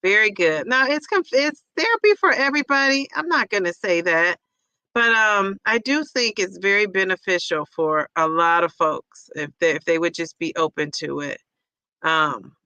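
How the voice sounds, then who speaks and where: Chatty woman hosting a bright, dry livestream. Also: fairly low pitch, clear, resonant tone, no echo. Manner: chatty, reads comments aloud and repeats them, frequent laughs. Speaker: livestream host reading viewer comments. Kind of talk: casual livestream chat.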